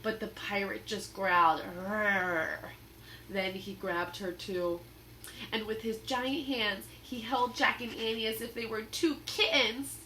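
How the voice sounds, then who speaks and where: A woman reading a children's book aloud in an expressive, dramatic storytelling manner. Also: fairly high pitch, unhurried, a little hiss or hum. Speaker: storybook reader.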